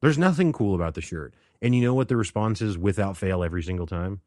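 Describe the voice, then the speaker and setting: A man's voice: fairly low pitch, animated, fast talker, few pauses, darkish tone, dry recording, clean studio sound. A man hosting a casual solo podcast, talking loosely, laughing often and acting out the people he quotes. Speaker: podcast host.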